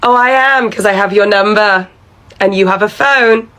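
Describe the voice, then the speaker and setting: A woman's voice: mid-range voice, moderate pace, a bit bright, close to an everyday voice, poor audio. A woman playing a bossy pub manager. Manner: condescending, patronizing, relentless. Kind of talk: comedy sketch acting.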